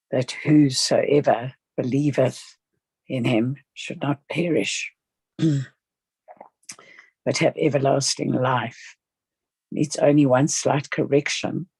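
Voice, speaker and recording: Slow gravelly husky reader. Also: medium pitch, darkish tone, dry recording. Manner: slow, halting reading with small slips. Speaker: study group member. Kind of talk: reading a spiritual text aloud.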